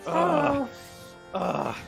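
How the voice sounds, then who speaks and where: A man's voice: very high voice, wildly swooping pitch, very slow, vocal fry, faint music behind. A man in his forties co-hosting a casual live stream, playful and groaning through jokes. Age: 40s. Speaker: co-host.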